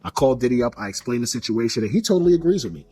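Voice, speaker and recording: A man telling a personal story in a casual, animated way, acting out the dialogue as he goes. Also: mid-range voice, slight background noise. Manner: fast, animated retelling with quoted dialogue.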